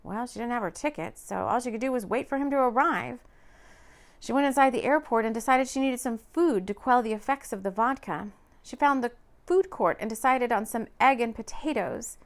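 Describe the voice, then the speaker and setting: A woman narrating a romance audiobook in an expressive, lively reading. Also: fairly high pitch, moderate pace.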